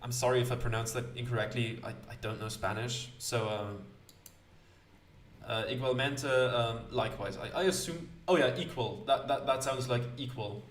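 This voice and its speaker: A man's voice: mid-range voice, a little fast, few pauses. A man hosting a let's play, chatting casually with stammered restarts and self-deprecating apologies. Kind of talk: casual gameplay commentary. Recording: roomy sound, distant mic.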